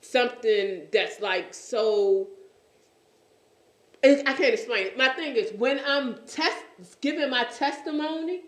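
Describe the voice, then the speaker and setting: A woman hosting a faith-based talk show, speaking earnestly and often pausing to search for words. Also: fairly high pitch, roomy sound. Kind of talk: faith-based casual chat.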